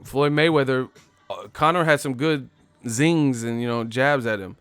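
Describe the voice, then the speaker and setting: A man hosting a boxing live stream in casual chat, animated, swearing freely and laughing a lot. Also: medium pitch, normal speed, smooth, dry recording, faint music behind.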